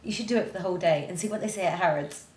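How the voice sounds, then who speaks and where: A woman's voice: on the low side, rapid-fire. A woman co-hosting a podcast, teasing and playful in casual chat, laughing often. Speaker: podcast co-host. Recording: roomy echo, faint noise.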